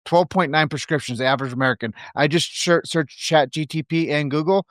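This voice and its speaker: A man's voice: on the high side, fairly quick, fairly bright tone, no room sound. Emphatic man hosting a podcast, dry sound. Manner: emphatic, jumps in with points and questions to the guest. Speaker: podcast host. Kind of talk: casual podcast conversation.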